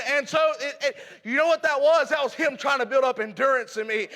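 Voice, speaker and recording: High-voiced, fervent preacher. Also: male voice, fairly even intonation. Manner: loud, fervent preaching with drawn-out emphasis and stammered restarts. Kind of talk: sermon. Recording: long hall reverb.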